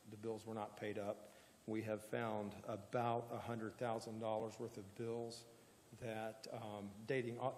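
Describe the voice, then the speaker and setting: A man serving as county sheriff, giving a plain-spoken report at a public meeting, halting often with fillers. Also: fairly low pitch, a little mellow, big-room sound, a little hiss or hum.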